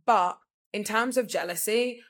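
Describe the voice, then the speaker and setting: This podcast co-host has a mid-range, slightly bright voice and a measured pace. She rambles through casual chat, packing in fillers and saying "like" constantly.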